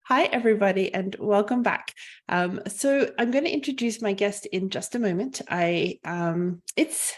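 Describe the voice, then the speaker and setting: A woman podcast host and rural family physician from Australia, with an Australian accent softened by years in Canada, chatting in an upbeat, easygoing way with some fillers. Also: medium pitch, moderate pace. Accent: Australian with Canadian traces. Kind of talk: casual podcast chat.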